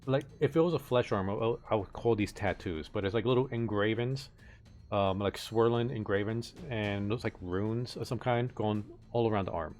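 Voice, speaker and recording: A man narrating as game master for a tabletop game, halting and full of fillers and restarts. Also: lowish voice, a little mellow, soft background music.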